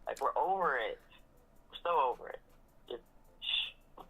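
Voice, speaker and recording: A woman in a casual recap chat about a reality show, sassy and animated, slipping into mocking impressions. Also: extremely low pitch, a little fast, slightly rough, poor audio. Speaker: reality TV commentator.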